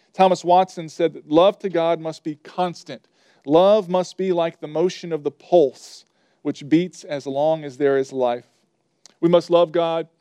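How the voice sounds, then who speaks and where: Dry, mellow-voiced preacher in mid-sermon. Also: male voice, on the high side, clean tone, dry recording. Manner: preaches in numbered points, reading scripture aloud with rising emphasis; lists items in quick rhythmic runs. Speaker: pastor.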